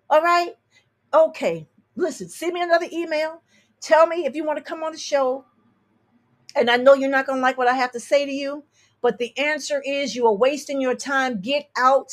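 A woman astrologer hosting a show, reading listener emails and giving blunt, sassy advice with emphatic repeats. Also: high voice. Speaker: astrologer and tarot reader host.

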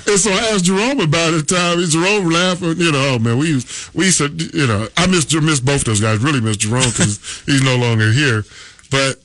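A man's voice: on the high side, moderate pace, fairly bright tone, no room sound. A man on sports radio telling a locker-room story, laughing often and acting out his teammates' lines. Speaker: radio guest.

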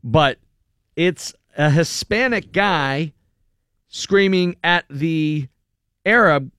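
A man's voice: fairly high pitch, very slow, clear, resonant tone, dry recording, studio quality. A man hosting a morning radio show, chatting casually in a wry, joking manner. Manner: animated, wry, breaks into mocking impressions. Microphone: studio microphone.

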